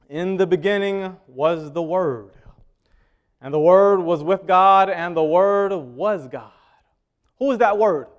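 A man preaching a sermon in a conversational way, often asking the congregation questions and swinging between loud emphasis and quiet asides. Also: high voice, clear, resonant tone.

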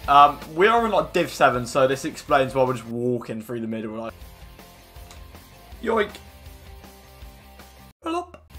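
A young man giving excitable, slangy commentary as he plays a game, with faint music behind. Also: medium pitch. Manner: excitable, slangy, quick to exclaim. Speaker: gaming YouTuber. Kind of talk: casual commentary over gameplay.

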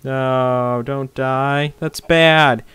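A man hosting a casual game let's-play, excitable and goofy, jumping into squeaky joke voices. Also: extremely slow, clean tone, no echo. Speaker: gaming channel host.

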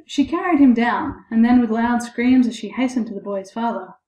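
A woman's voice: fairly high pitch, normal speed, mellow, highs cut off. Woman reading a fairy tale, echoey. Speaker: storyteller. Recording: echoey room.

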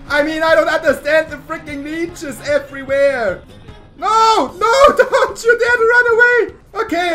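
A woman narrates her own gameplay in a casual, excitable commentary, swinging between laughter and exasperation. Her voice sits high and bright, with a crisp edge. Faint game music plays underneath. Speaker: gaming YouTuber.

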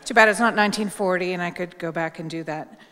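A woman's voice: on the low side, quick pace, sharp tone. A middle-aged woman journalist giving a candid, wry tribute speech at a memorial, talking casually with plenty of ums. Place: large hall at a public event. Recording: long hall reverb.

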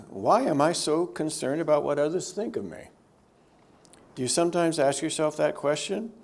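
A man, a theologian, teaching a church group in a conversational way, lifting his voice for emphasis and dropping to quiet, low asides. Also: normal speed, gravelly. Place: church gathering.

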